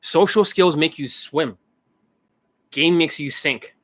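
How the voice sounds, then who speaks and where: A man's voice: a little high, slow pace, a bit bright, no room sound. A man talking to his viewers as a dating coach in a rambling, blunt monologue, swearing casually.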